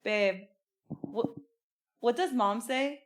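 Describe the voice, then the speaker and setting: A woman's voice: a little high, drawn-out words. A woman hosting a casual podcast chat, giggly and laughing often between her lines. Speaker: podcast host.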